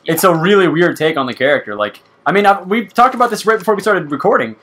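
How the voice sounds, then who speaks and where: Profane, rambling gaming co-host with a lively, swooping delivery. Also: mid-range voice, fast, a little hiss or hum. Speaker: let's play host. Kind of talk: casual gaming chat.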